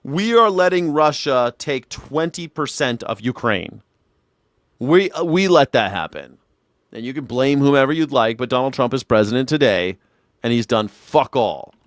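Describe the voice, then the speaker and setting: A man's voice: mid-range voice, expressive, moderate pace, no echo, clean studio sound. A man hosting a live news reaction show, talking bluntly and sarcastically, with frequent swearing. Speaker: host.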